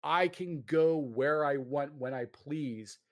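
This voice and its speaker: A man's voice: a little high, takes it slowly. Ranting man in casual gaming chat. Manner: animated ranting, swearing, lots of fillers.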